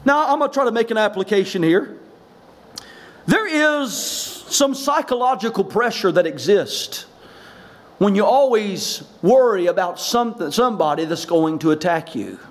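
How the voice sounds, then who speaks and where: Pastor, male, very high pitch, preaching hard with shouted emphasis. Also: expressive, normal speed. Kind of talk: sermon.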